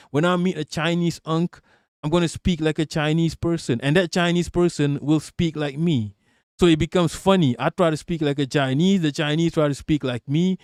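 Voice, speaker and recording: A man's voice: on the high side, darkish tone, no echo, studio quality. A man from Malaysia with an American English accent, streaming and reacting to chat in a blunt, profane, rambling way. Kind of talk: livestream commentary, reading chat.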